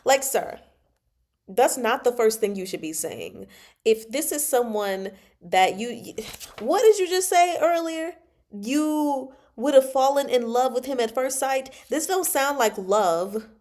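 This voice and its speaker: A woman hosting a casual livestream book chat, animated and exasperated, laughing often and talking back to the characters. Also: a little high, a little slow. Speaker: book club host.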